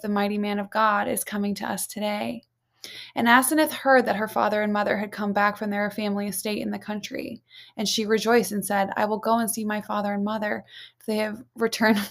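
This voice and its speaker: A woman reading an ancient story aloud at a steady pace, now and then stumbling on a word and correcting herself. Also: mid-range voice, gravelly. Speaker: reader.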